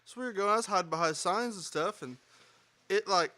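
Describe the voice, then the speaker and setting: A man's voice: sits high, brisk, sharp tone. A man telling a childhood story in a laid-back podcast chat.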